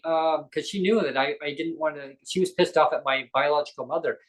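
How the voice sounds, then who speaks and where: A man's voice: fairly high pitch, brisk, low-quality recording. A man, a guest on a live interview show, tells a personal story in a rambling way, often correcting himself and acting out quoted dialogue.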